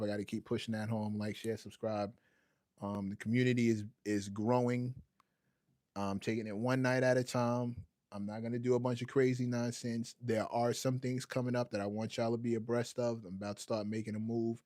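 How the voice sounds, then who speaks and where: A man's voice: medium pitch, flat delivery, moderate pace, dark tone. A man hosting a casual livestream, joking and talking straight to his chat viewers. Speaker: livestream host.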